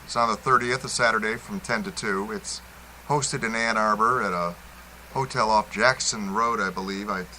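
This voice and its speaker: A man's voice: fairly low pitch, moderate pace, pushed and bright, slight background noise, rough recording. A man co-hosting a casual podcast, easygoing and a little unsure of details. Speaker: podcast co-host.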